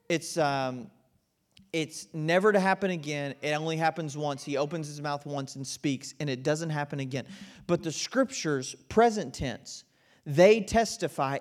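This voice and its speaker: A man preaching a sermon in an auditorium, in a conversational style with frequent "right?" asides. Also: on the high side. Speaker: pastor.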